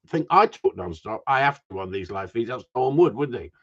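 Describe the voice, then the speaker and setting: Male streamer, husky, animated swearing storyteller, lively pitch, lo-fi sound. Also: fairly quick. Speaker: live stream host. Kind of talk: casual ranting chat.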